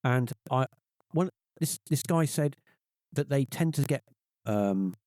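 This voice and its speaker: This middle-aged man talks slowly while recounting a story from his own life on a podcast, where he's a guest. He performs the other people's voices with animation, pitching their quoted words higher. There's no echo.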